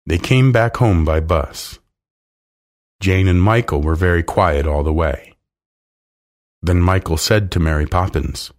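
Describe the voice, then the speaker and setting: A man reading a children's storybook aloud slowly and expressively. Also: deep voice. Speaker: narrator.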